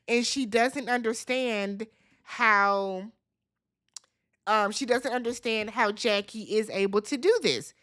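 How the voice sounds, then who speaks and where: A woman with a somewhat high voice talks through an episode recap in a loose, casual way. She retells scenes as she goes and is blunt, even swearing now and then. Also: unhurried. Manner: chatty retelling, quotes people in their voices, blunt swearing. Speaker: recap vlogger.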